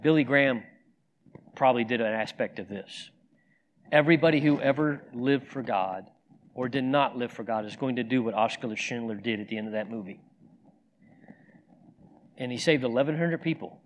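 A man's voice: medium pitch, normal speed, long pauses, dull audio, a little hiss or hum. Earnest man preaching a sermon. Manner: storytelling with acted quotes, then earnest prayer. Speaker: pastor.

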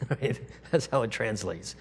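A man preaching a sermon to his congregation in a relaxed, conversational way, dropping to a soft, quiet voice when he quotes God. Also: mid-range voice, unhurried, breathy edge. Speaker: pastor.

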